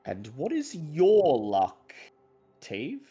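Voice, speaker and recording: A man narrating a tabletop horror game as game master, building tension with slow, dramatic description. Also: fairly high pitch, huge pitch swings, mellow, breathy edge, lo-fi sound.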